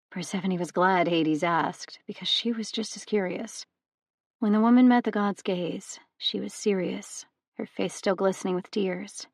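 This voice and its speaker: A woman narrating an audiobook with measured, even storytelling. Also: mid-range voice, vocal fry, breathy edge, no room sound, studio quality. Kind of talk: scripted narration.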